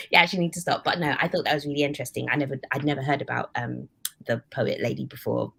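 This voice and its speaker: A woman with a low, husky voice co-hosts a casual podcast chat. She rambles through side stories and breaks into laughter often. Her talk is loose and conversational. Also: fairly even intonation, fast, fairly bright tone. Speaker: podcast co-host.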